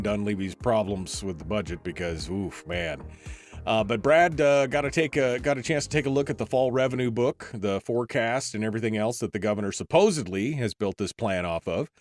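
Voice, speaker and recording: A man hosting a radio talk show, speaking conversationally with open frustration and leaning on "I mean". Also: lowish voice.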